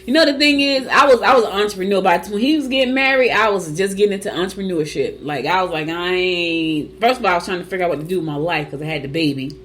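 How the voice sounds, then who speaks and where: A woman's voice: lowish voice, fast talker, hardly any pauses, fairly bright tone. A woman hosting a morning show, telling stories in a chatty, casual way with asides to her listeners and reading horoscopes.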